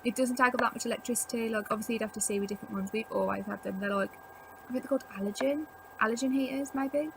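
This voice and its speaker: Young woman, casual vlog chat, filler-heavy, slightly high-pitched, faint background noise. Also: quick pace, vocal fry. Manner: rambling, chatty, filler-heavy with frequent "like". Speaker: vlogger. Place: at home indoors.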